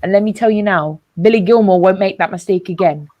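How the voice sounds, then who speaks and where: A woman's voice: medium pitch, a little fast, dull audio. A woman talking football in casual chat, rambling and jokey with lots of restarts. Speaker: co-host of a football reaction show.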